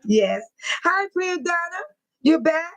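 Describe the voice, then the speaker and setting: An older woman hosting a casual livestream from home, talking straight to her viewers in chat, emotional and quick to bless and pray. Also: very high voice, lively intonation, rough recording. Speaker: livestream host.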